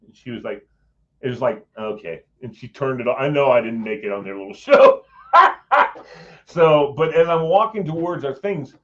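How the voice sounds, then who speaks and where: Speaking at medium pitch and a moderate pace over dull audio, a middle-aged man shares a personal story as a guest in casual chat. He's animated, performs the quoted voices, and laughs softly mid-sentence.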